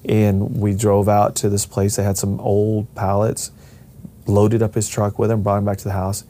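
A man's voice: on the low side, completely flat delivery, normal speed, warm tone, a little hiss or hum. A middle-aged man telling a personal family story in a casual way, rambling with restarts and acting out the voices of the people he quotes.

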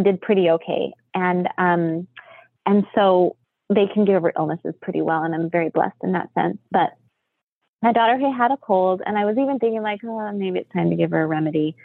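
A middle-aged woman from the United States, a podcast guest, telling a story in an animated way and acting out quotes. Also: mid-range voice, no echo. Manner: animated, acts out quotes with laughs. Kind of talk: storytelling interview chat. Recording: phone-like narrow line.

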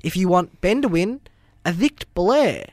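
A man's voice: high voice, big pitch swings, a little slow, darkish tone, no room sound, clean studio sound. A young Australian man co-hosting a podcast, easygoing and matter-of-fact in casual chat. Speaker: podcast co-host.

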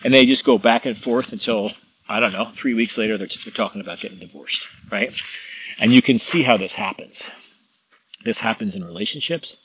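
Bright-voiced man rambling through examples. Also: lowish voice, a little fast, slightly rough, rough recording. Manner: rambling, illustrating with examples and stories. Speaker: massage therapist. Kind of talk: casual monologue.

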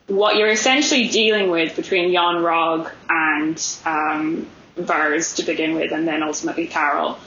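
A woman's voice: fairly low pitch, a bit bright, slight background noise. A woman talking animatedly about a film in casual chat, swearing freely and acting out quotes. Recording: echoey, dull lo-fi sound.

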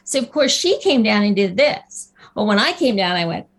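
A woman guest telling a lively anecdote in a casual interview, acting out the people she quotes. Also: medium pitch, normal speed. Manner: animated storyteller, acts out quotes. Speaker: guest actress.

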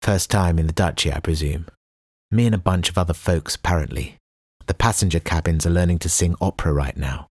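A man voicing a calm, matter-of-fact airship captain with a folksy way of talking in an audiobook. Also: deep voice, a little fast, breathy edge, no room sound, studio quality. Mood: unbothered. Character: unflappable male airship captain.

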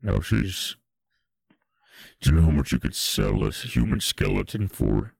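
Male comedy co-host, deep husky voice, animated intonation, improvised riffs. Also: a little slow, no room sound. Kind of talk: absurdist comedy radio chat.

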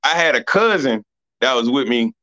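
A man's voice: medium pitch, expressive, moderate pace, pushed and bright. A man who is a stand-up comedian, chatting casually on a podcast, laid-back and supportive, swearing in passing. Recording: slightly dull lo-fi sound.

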